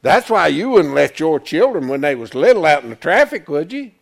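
A man delivers a sermon in a folksy, conversational way, leaning on endearments like honey. His voice sits high and leaps all over the place. He swings from booming declarations to soft, close asides. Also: very animated, a little fast, gravelly. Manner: folksy, calls congregation "honey", swings from loud to hushed. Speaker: preacher. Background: congregation responses.

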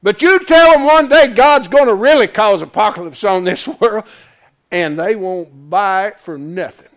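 An older man preaching a folksy, emphatic sermon, swinging from loud to quiet. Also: high voice, moderate pace. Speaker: pastor.

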